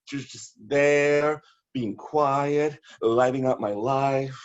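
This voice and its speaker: A man performing bawdy comic poetry over a video call, theatrical and given to shouted punchlines. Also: mid-range voice, measured pace, muffled recording. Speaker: poet.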